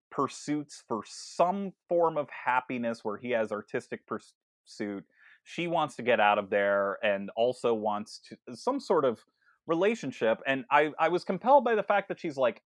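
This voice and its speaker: A man co-hosting a casual film podcast, talking in an animated way with lots of stammered restarts and acted-out quotes. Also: medium pitch, measured pace, dry recording. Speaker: podcast co-host.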